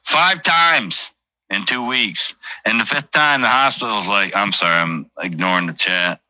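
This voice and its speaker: A man's voice: on the low side, unhurried, pushed and bright, no echo, rough recording. A man telling a personal story on a casual livestream, blunt and heavily profane, often repeating his phrases. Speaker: livestream host.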